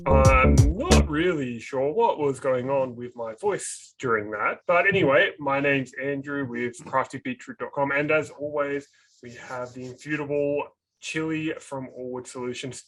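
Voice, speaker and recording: A man's voice: mid-range voice, animated, unhurried, fairly bright tone, soft background music, rough recording. A man co-hosting a casual podcast, a father who jokes and banters with his guest and laughs easily. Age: adult parent. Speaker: podcast co-host.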